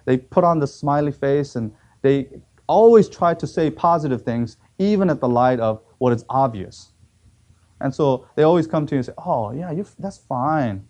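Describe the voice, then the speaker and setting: Man preaching an animated sermon. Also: medium pitch, normal speed. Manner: animated storytelling with acted quotes and emphatic repetition.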